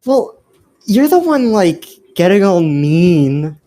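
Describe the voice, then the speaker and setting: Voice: medium pitch, sing-song, takes it slowly, mellow. Player doing a sassy winged robot who argues back, stumbles over words. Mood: defiant. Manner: argumentative, stammering. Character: mouthy winged reploid, argumentative.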